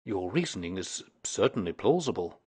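A man's voice: low-pitched, very animated, moderate pace, mellow, breathy edge, exaggerated voice. A man reading aloud voices a mild, mildly skeptical male companion who questions the detective. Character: mild, doubting Victorian male doctor companion.

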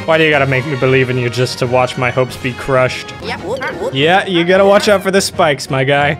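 A young man giving joking let's-play commentary, bantering and yelling at his teammates during a co-op platform game. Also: mid-range voice, brisk. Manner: jokey, exaggerated, yells at teammates. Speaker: gaming YouTuber. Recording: game music loud behind.

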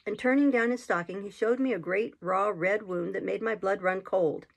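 A woman's voice: medium pitch, moderate pace, gravelly, slightly rough. Woman reading a classic novel aloud. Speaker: reader.

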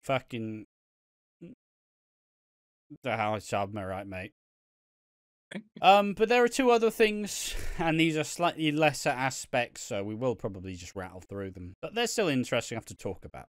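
A man's voice: mid-range voice, big pitch swings, normal speed, long pauses, dry recording, studio quality. A young man co-hosting a casual podcast, swearing often and laughing as he rambles about a soap. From Britain. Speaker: podcast co-host. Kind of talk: casual chat.

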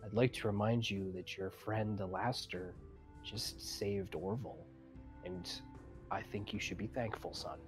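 A game master voicing a stern father who warns his son in a low, hushed whisper. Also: expressive, a little slow, faint music behind. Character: stern protective father, quiet and firm.

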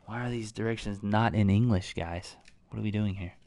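Low-voiced chatty young man streaming. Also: fairly even intonation, mellow. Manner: chatty, thinks aloud, reads instructions haltingly. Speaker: game streamer. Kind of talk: casual live-stream chat. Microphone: new desktop condenser mic, close.

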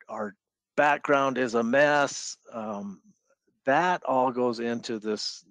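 A man moderates a business webinar at an unhurried pace, summing up points and passing questions to the panelists. His measured delivery comes through dry and close over a video call. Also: mid-range voice, fairly bright tone, no room sound.

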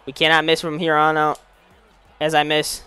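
A young man giving casual commentary while playing a basketball video game, slangy and excitable, calling out plays to the game. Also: a little high, normal speed, clean tone, dry recording, faint music behind. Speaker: gaming YouTuber.

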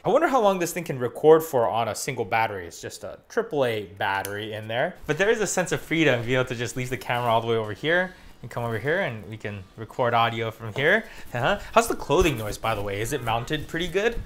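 A man's voice: mid-range voice, a bit bright. A man vlogging casually on a lavalier mic, chatty and playful as he shows off his gear. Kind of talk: casual vlog chat. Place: outdoors at a car wash.

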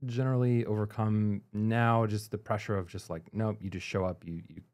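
Thoughtful low-voiced male podcast host. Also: steady tone, a little mellow. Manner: reflective, measured, asks open questions. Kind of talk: conversational interview.

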